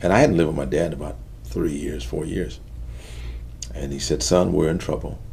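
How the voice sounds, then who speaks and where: Gravelly low-voiced man telling his story. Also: slight background noise. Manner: earnest, halting storytelling that drops soft at heavy moments. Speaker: interview guest. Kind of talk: personal testimony in an interview.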